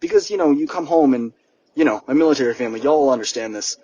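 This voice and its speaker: A young man hosting a podcast and giving a lively motivational monologue, speaking straight to his listeners. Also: medium pitch, fast talker, husky, muffled recording. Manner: energetic, addresses listeners directly. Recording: distant mic with background noise, poor audio.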